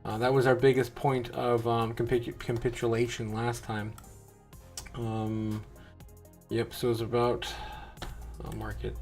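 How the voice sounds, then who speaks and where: A man's voice: medium pitch, little pitch movement, a little slow, pauses often, soft background music. A man hosting a show, giving rambling, wry, casual live commentary as he reacts to charts. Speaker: crypto show host.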